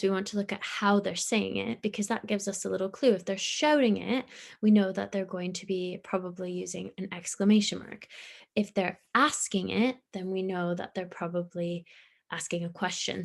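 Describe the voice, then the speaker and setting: Gravelly-voiced woman teaching young kids. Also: medium pitch. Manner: gentle, encouraging, explains step by step. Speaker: primary school teacher. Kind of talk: recorded online lesson for young children.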